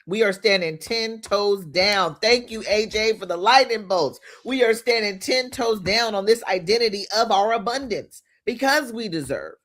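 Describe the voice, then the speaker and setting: A host guides listeners through gratitude and affirmations at a deliberate pace, repeating each line. Between exercises the talk turns informal and energetic, with slang and shout-outs to viewers. The voice sits in a middle register. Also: mid-range voice. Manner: leads slow repeated affirmations, greets chat viewers; informal, upbeat preaching with slang. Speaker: host of a live money-mindset session. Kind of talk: guided visualization and affirmations on a livestream.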